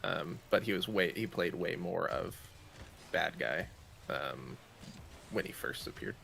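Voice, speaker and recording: Chill guy co-hosting a game stream, low gravelly voice. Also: animated, unhurried, pushed and bright, a little hiss or hum. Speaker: co-host. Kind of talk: casual livestream chat while gaming.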